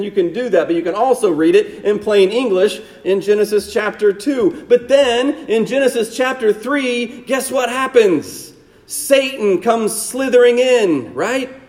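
A man preaching a sermon, asking rhetorical tag questions and dropping to a hushed low voice for emphasis. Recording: long hall reverb.

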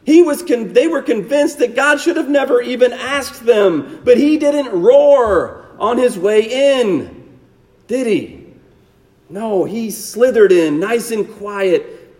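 A man preaching a sermon, asking rhetorical tag questions and dropping to a hushed low voice for emphasis. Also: animated, slow. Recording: long hall reverb.

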